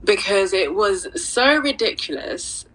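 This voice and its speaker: A woman speaking in an online audio space, telling a story in an animated, exasperated way. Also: mid-range voice, unhurried, low-quality recording. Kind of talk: casual discussion.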